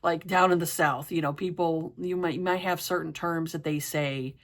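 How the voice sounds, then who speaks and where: Low-pitched woman, casual rambling vlog chat full of fillers. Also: fairly even intonation, normal speed. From East Coast of the US, New York area. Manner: rambling, many fillers like "you know" and "like". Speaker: book and TV reviewer.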